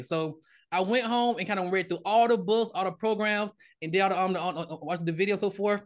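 Man, podcast guest, high voice, rapid speech, animated storytelling, frequent word repeats. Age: adult, married father. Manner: animated, repeats and restarts words often. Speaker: podcast guest, real estate investor. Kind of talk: casual storytelling interview.

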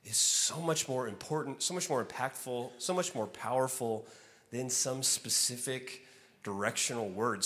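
A guest preacher with a fairly high-pitched voice tells a personal story with animation, acting it out and loudly exclaiming the quoted lines. For the reflective teaching that follows, he drops into a soft, hushed delivery. The long reverb of a large church sanctuary surrounds his voice.

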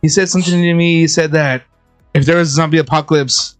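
A man's voice: on the high side, fairly even intonation, fast, soft background music. A laughing, foul-mouthed man chatting. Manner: crude, laughs a lot, tells anecdotes. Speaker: podcast co-host. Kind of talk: casual chat.

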